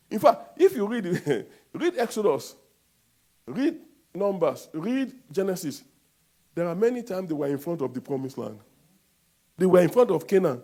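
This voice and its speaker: A man with a Nigerian accent preaching a sermon as a pastor, with sudden loud outbursts and calls for the congregation to answer back. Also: high-pitched, very animated, normal speed.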